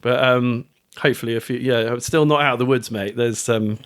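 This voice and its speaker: A man's voice: mid-range voice, steady tone, brisk, fairly bright tone, smooth. A middle-aged man from the United Kingdom, an author talking as a guest in a casual podcast interview, chatty, swearing, restarting his sentences often. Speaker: guest, author and fund manager.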